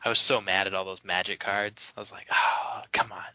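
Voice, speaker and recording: A man with a lowish voice chats casually on a podcast, rambling through an anecdote with frequent "like"s and chuckles. The recording is dry and slightly muffled, lo-fi in quality. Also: little pitch movement, fast talker, no room sound. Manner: rambling, many "like" fillers, laughs often. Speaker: podcast co-host. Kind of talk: casual chat, telling anecdotes.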